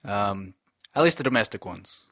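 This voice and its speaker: A man's voice: fairly low pitch, expressive, moderate pace, fairly bright tone, no room sound, clean studio sound. A man in his twenties co-hosting a podcast, ranting with lots of swearing and acting out quoted voices in casual chat. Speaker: podcast co-host.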